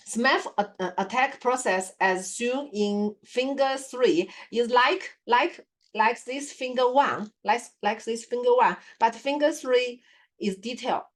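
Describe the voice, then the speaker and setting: A woman whose first language is Chinese gives a halting lab report presentation, full of fillers and repeated words. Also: a little high. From China. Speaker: student presenter.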